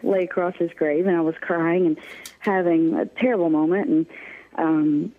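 A woman guest telling a personal story, speaking haltingly with pauses and restarts. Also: on the low side, fairly even intonation. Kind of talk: emotional personal testimony. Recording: tinny phone-like line.

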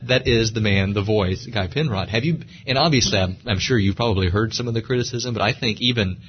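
Low-voiced guy interviewing, chatty and rambly, dull muffled audio. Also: fairly quick, a little hiss or hum. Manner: chatty, admiring, rambling questions. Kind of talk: casual interview chat.

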